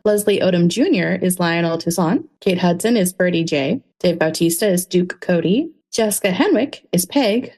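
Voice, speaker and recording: A woman guest on a casual podcast, telling stories in a lively, animated way. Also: on the low side. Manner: lively storyteller, animated, laughs easily.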